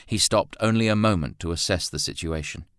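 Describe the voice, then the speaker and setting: A man narrating a novel in a steady, measured, subdued way. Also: low voice, clear, resonant tone, no echo, clean studio sound. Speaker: audiobook narrator. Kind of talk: scripted narration.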